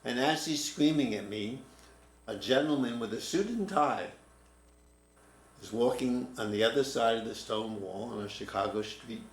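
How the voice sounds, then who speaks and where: A man in his seventies, a writing teacher, telling a personal story in a reflective, halting way. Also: mid-range voice. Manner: reflective, halting, restarts mid-word. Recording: roomy echo, faint room noise.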